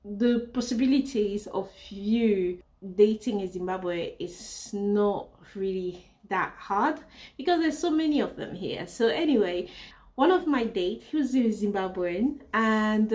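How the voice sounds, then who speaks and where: A woman vlogger chatting casually to her viewers and telling a personal story, rambling with many fillers and restarts. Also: mid-range voice. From Africa.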